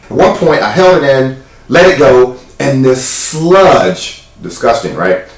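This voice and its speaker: A man giving an animated, jokey spoken account in a casual vlog. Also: mid-range voice, takes it slowly, roomy sound, distant mic, rough recording. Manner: animated, chatty storytelling with jokes. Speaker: wellness vlogger.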